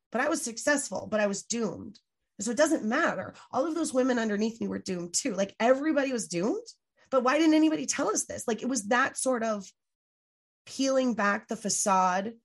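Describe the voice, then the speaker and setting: A woman speaking as a podcast guest in a candid interview, earnest and emphatic, full of "like" fillers and quick restarts, sometimes swearing. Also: fairly high pitch. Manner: frequent "like" fillers, self-restarts.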